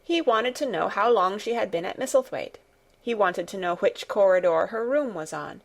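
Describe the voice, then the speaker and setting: Woman reading a storybook, soft and even, calm audiobook narration, mid pitch. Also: moderate pace.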